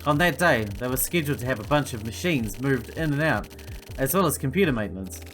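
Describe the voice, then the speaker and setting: A man's voice: medium pitch, expressive, fairly quick, fairly bright tone, slight background noise, lightly acted. A man reading game dialogue aloud as a chatty, laid-back male agent with a casual, rambling way of talking. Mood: explaining. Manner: casual, rambling, filler-heavy. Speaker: game reader voicing characters.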